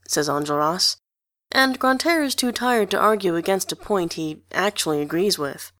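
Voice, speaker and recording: A woman narrating a storybook reading at a measured, even pace. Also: mid-range voice, no echo, studio quality. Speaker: audiobook reader.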